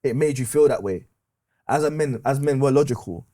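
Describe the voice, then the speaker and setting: Blunt London man, mellow voice. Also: mid-range voice, fairly quick. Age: 30s. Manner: blunt, opinionated, London slang. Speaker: podcast guest. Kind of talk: candid podcast conversation.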